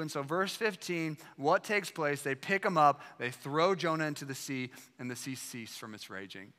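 A man's voice: fairly high pitch, expressive, normal speed, few pauses, bright, forceful tone, long reverb tail. A man preaching as pastor, emphatic and full of rhetorical questions. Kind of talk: sermon.

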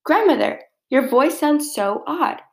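A woman's voice: high voice, lively intonation, measured pace, vocal fry, echoey room, voice pushed up, full character voice. A woman voicing an innocent young girl in a red hood, talking in an earnest, wide-eyed way.

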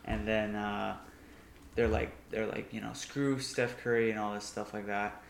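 A man's voice: lowish voice, monotone, moderate pace, creaky. A man co-hosting a casual sports podcast, talking hesitantly and repeating words as he goes. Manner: hesitant, repeats words while searching for them. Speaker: podcast co-host. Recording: echoey room, faint noise.

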